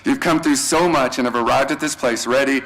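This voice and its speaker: A man's voice: medium pitch, brisk, low-quality recording. A male teacher giving a casual, slangy farewell speech at a graduation ceremony, thanking students one by one. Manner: warm, casual and slangy, addressing students by name.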